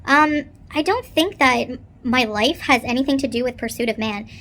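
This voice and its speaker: A woman's voice: sits high, moderate pace, a bit bright, slight background noise. Woman reading questions and answering them. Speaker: livestreamer answering viewer questions.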